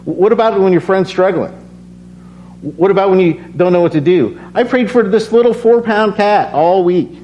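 A man's voice: high-pitched, moderate pace, dark tone. A worn-out man giving a casual, earnest sermon, reading scripture and then telling personal stories, often repeating phrases as he builds. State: tired. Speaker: preacher. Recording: slightly dull recording with faint hum.

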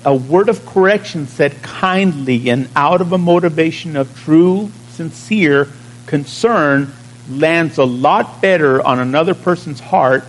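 A man with a fairly high voice preaches a sermon conversationally, drawing out key words and checking in with the congregation. The audio quality is poor.

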